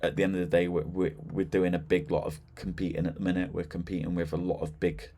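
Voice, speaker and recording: A man with a notably deep, low-pitched voice talks through a software demo in an easy, conversational way. He fills gaps with "um" and "so yeah" and never sounds scripted. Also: quick pace, a little hiss or hum. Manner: relaxed and chatty, with frequent fillers and "so yeah". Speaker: software demonstrator. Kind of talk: casual screen-share product walkthrough.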